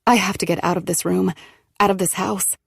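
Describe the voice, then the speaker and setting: A woman narrating a first-person audiobook in a steady, measured way. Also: lowish voice, creaky, slightly rough, no room sound, studio quality.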